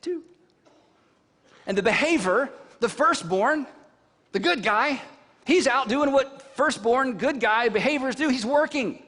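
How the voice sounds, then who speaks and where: A man preaching a sermon, telling the story with animated, conversational flair and putting rhetorical questions to his listeners. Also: very high-pitched, measured pace, pauses often. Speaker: pastor. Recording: long reverb from a large hall.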